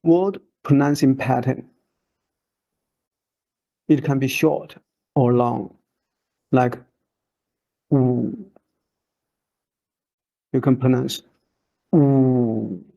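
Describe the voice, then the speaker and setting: Very slow, gravelly-voiced male teacher. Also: medium pitch, steady tone, lo-fi sound. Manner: slow, short broken phrases, drawn-out demonstration syllables. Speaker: Chinese teacher. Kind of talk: slow instructional voice-over.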